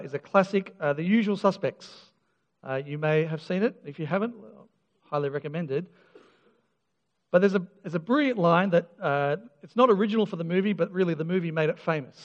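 Earnest preacher with a high voice. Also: male voice, brisk. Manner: earnest, emphatic, with repeated restarts and self-deprecating humour. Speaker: pastor. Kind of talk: sermon. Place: church. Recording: dull lo-fi sound with long church reverb.

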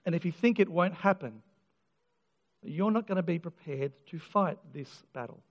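A man's voice: a little high, lively intonation, normal speed. A man preaching a sermon, earnest and emphatic, with frequent restarts and touches of self-deprecating humour. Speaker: pastor. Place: church. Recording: dull lo-fi sound with long church reverb.

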